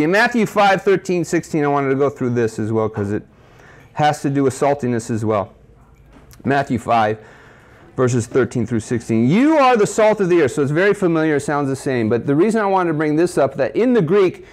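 A man preaching to a men's group at a breakfast, asking the listeners questions and quoting scripture. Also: on the high side. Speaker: speaker at a men's ministry breakfast. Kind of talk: sermon. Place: cafe.

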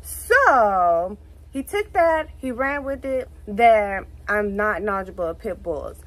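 A young woman with a Houston accent, telling a story to her vlog in a casual, animated way, full of swearing and "like, literally" fillers. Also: mid-range voice, slow pace, no echo, poor audio. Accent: Southern US, Houston. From Texas, USA. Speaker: vlogger.

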